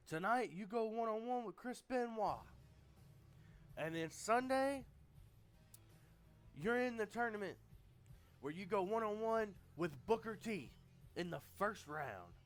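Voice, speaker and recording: A man voicing a blustering male wrestling company boss who bellows bossy, drawn-out taunts. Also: high voice, voice pushed up. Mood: commanding.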